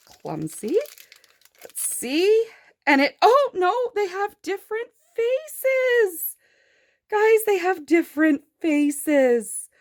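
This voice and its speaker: High, lively, gushing woman unboxing toys. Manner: gushing and excitable, with gasps and squeals of delight. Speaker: toy reviewer. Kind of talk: toy unboxing review.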